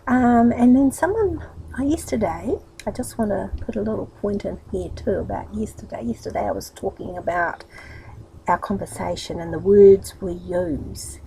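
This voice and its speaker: A woman's voice: mid-range voice, moderate pace, creaky, warm tone, slight background noise, low-quality recording. A woman with a New Zealand accent talking in a chatty, rambling, upbeat way in a casual motivational vlog. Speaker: vlogger.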